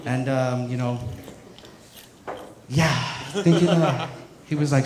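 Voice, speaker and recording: A man's voice: mid-range voice, takes it slowly, long pauses, noisy background. A young man doing a stand-up set, telling rambling stories full of fillers. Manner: rambling, filler-heavy storytelling. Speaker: stand-up comedian. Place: comedy club stage. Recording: echoey club room with crowd. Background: audience laughter.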